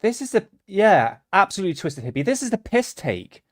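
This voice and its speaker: Exasperated man, higher-pitched. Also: sing-song, brisk. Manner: exasperated, swearing, stammering restarts. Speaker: livestream host. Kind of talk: reaction livestream rant.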